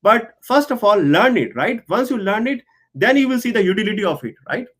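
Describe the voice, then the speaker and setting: A man's voice: high voice, very animated, brisk, fairly bright tone, breathy edge. A man, an engineer and researcher, speaking as an interview guest, explaining things earnestly and often checking in with "right?". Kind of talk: explanatory conversation.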